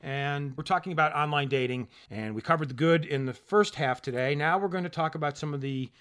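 A man co-hosting a podcast with his wife, introducing segments and poking fun in easy banter. His voice sits a bit high for a man. He sounds relaxed and casual. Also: a little fast, clean tone. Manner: teasing, easygoing, hosting segments. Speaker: podcast co-host. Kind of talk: casual chat.

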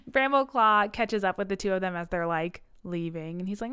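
A woman co-hosting a casual chat, recapping a book series with jokes, swearing and quick acted-out character lines. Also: medium pitch, a bit bright, smooth.

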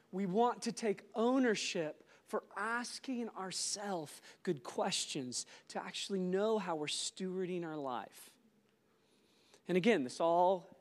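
A man preaching a sermon at a church conference, animated, rising to loud exclamations and dropping to soft reflective asides. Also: a little high. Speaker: conference speaker. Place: church auditorium. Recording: live in a large hall with long reverb.

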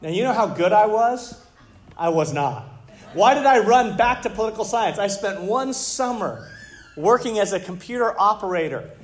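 A middle-aged man preaching a sermon as pastor, conversational and animated, full of rhetorical questions to the congregation. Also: sits high, normal speed.

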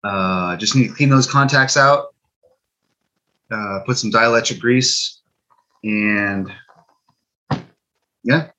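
A man's voice: lowish voice, takes it slowly, pauses often, pushed and bright, rough recording. A man casually telling a story about a fix, retelling it with quotes and fillers.

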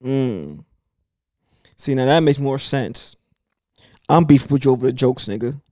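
A man co-hosting a casual podcast chat, relaxed and profane, quick to agree or push back. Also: mid-range voice. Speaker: podcast co-host.

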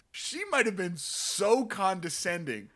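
An excitable man in casual podcast banter, with a bright, forceful tone and a lively pitch that jumps all over the place. He sits a little high for a man, riffs on theories, and laughs easily. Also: slow pace. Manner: excitable, jokey, bursts into loud laughter and chants. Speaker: podcast co-host. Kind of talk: casual chat.

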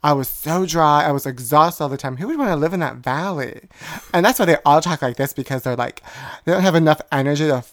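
A woman's voice: low-pitched, brisk. A woman co-hosting a talk show, chatty and dramatic, telling stories in casual chat. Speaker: podcast co-host.

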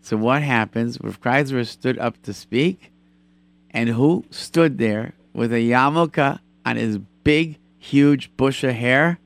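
A man hosting a call-in radio show, chatting with callers and telling animated stories with lots of repetition. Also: medium pitch, takes it slowly, vocal fry, no echo. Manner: animated storyteller, repeats himself for emphasis. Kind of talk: call-in radio chat and storytelling.

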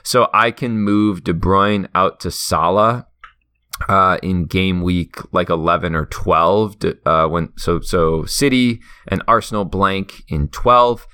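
A man's voice: sits low, slow pace, bright, forceful tone, smooth, no room sound. A man from the northern Midwest of the US, hosting a podcast in casual, rambling chat full of fillers. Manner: rambling, thinks aloud with many fillers. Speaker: podcast host.

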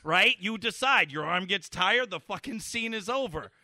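A man's voice: high voice, expressive, moderate pace, bright, forceful tone, no echo, clean studio sound, pitched above the performer's own voice, heavily acted. A man imitating a blunt, profane elderly woman mentor with a no-nonsense manner. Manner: brash, profane, matter-of-fact.

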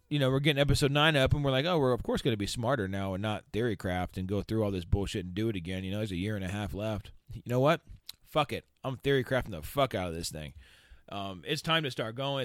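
A man's voice: mid-range voice, no echo, studio quality. A man hosting a podcast, ranting heatedly with a lot of profanity. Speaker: podcast host. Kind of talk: casual podcast rant.

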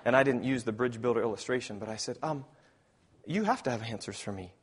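A man preaching a sermon who reads scripture aloud, rises to loud emphasis, often clears his throat and corrects himself. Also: mid-range voice, quick pace, slight background noise.

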